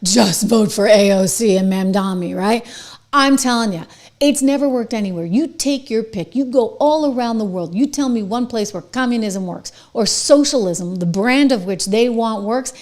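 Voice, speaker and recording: A woman's voice: a little high, normal speed, darkish tone. A middle-aged woman hosting a political commentary monologue, sarcastic and mocking.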